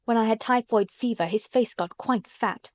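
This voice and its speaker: A woman's voice: fairly high pitch, normal speed, darkish tone, no room sound, clean studio sound, natural voice. A woman reading the part of a sickly, self-pitying young boy in an audiobook, speaking crossly and resentfully.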